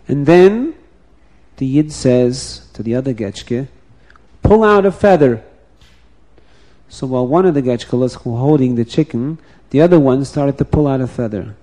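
A man telling a folk tale aloud, animated and repeating phrases, now and then restarting words. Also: medium pitch. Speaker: storyteller.

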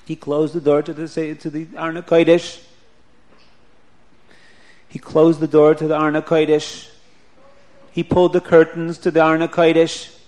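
A man telling a story aloud, animated and repeating phrases for emphasis. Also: fairly high pitch, normal speed, long pauses. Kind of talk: oral storytelling.

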